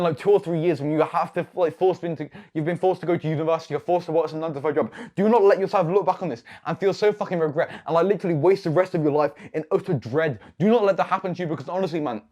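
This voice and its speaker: A man's voice: fairly high pitch, darkish tone, dull audio. A teenage young man self-filming a motivational vlog, profane and boastful, tagging nearly every phrase with "okay". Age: late teens. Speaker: YouTube creator. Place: own room with whiteboard, self-filmed.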